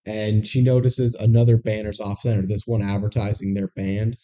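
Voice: medium pitch, flat delivery, normal speed, warm tone. A podcast co-host recapping a movie's plot in casual chat, with dry, sarcastic remarks.

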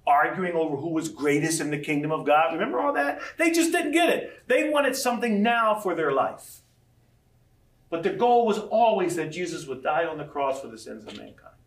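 A lively pastor with a fairly high voice delivers his sermon at a moderate pace, dramatizing each scripture passage he quotes. The mic is distant, so his words ring through the big, echoey hall where an audience listens.

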